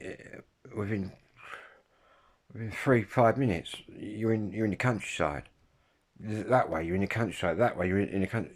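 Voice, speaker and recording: A man from Kent with a Kent accent, talking to his viewers in a casual, rambling monologue full of slang and restarts. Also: sits low. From Kent, England. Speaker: vlogger.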